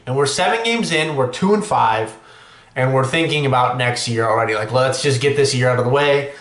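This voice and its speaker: A man hosting a sports podcast, ranting excitably and cursing freely. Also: medium pitch, brisk, echoey room. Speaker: podcast host.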